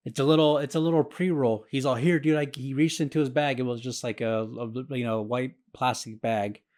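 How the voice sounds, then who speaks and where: Rambling, foul-mouthed podcast host. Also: male voice, medium pitch, fairly even intonation, fairly quick, darkish tone. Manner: rambling, profane, self-mocking. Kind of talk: casual storytelling monologue.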